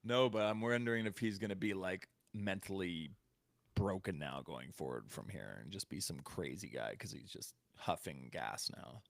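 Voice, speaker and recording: A young man co-hosting a podcast, chatting casually and breaking into loud mock impressions of characters. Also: deep voice, moderate pace, creaky, no room sound. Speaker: podcast co-host. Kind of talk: casual chat.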